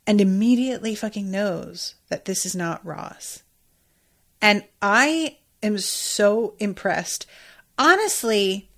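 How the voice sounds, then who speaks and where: A woman's voice: medium pitch, vocal fry. A woman hosting a podcast, recapping an episode in casual chat with emphatic, exclamatory reactions and frequent swearing. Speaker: podcast host.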